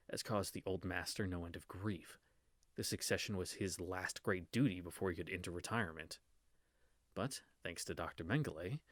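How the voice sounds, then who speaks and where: A man's voice: sits low, a bit bright, no room sound, clean studio sound. A man reading a visual novel aloud in a casual read-through, stumbling on words and correcting himself with wry asides.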